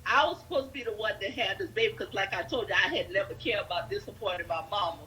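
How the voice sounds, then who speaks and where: A woman's voice: medium pitch, fast talker, pushed and bright, slight background noise, poor audio. A woman speaking earnestly in a casual family conversation.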